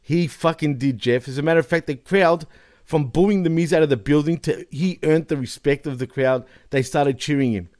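A man's voice: fairly high pitch, normal speed, darkish tone. A man co-hosting a wrestling podcast in casual chat, enthusiastic and swearing freely.

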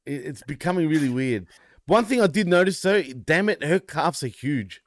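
A man co-hosting a wrestling review show, trading wry quips with the others. His voice is a touch high, and the sound is dry and close. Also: animated, moderate pace, dry recording. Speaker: podcast co-host. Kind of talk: casual wrestling review chat.

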